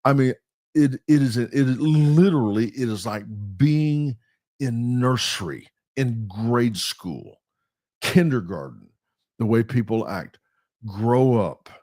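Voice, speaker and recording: A man's voice: mid-range voice, animated, takes it slowly, a little mellow, dry recording, clean studio sound. A middle-aged man and pastor hosting a podcast, talking emphatically in a sermon-like way and laughing at himself now and then.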